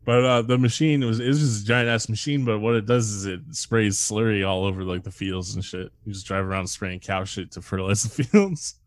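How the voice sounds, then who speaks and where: A man's voice: fairly low pitch, fairly quick, few pauses. A man chatting casually as a podcast co-host, rambling and swearing a lot as he jokes. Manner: rambling, profane, jokey. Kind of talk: casual chat.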